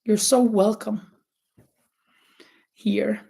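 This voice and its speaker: A woman's voice: mid-range voice, steady tone, extremely slow, vocal fry, dark tone, husky. A woman hosting a crochet livestream, chatting casually with viewers, with many fillers and restarts and frequent laughs. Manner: laughs often.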